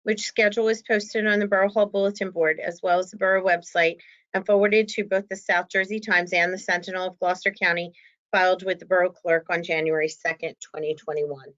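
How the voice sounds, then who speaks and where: A woman's voice: lowish voice, a little fast, highs cut off. A woman with an American accent serving as council clerk, reading a formal statement and calling the roll. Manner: steady, businesslike.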